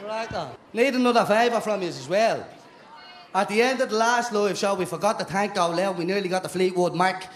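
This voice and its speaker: A young Dublin man trades cheeky, sweary banter with a live audience. His voice sits very high, and the sound is echoey, with a noisy crowd around him. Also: brisk. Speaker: live podcast co-host. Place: live venue before an audience.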